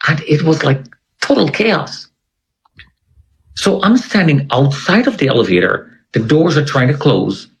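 A man's voice: a little high, big pitch swings, measured pace, vocal fry, poor audio. A man, an interview guest, retelling a personal story in a conversational way and acting out the voices of people he quotes.

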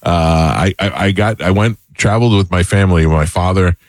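A man's voice: low-pitched, a little fast, no room sound, studio quality. A male radio host chatting casually, laughing easily as he rambles through an anecdote. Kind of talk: casual morning radio chat.

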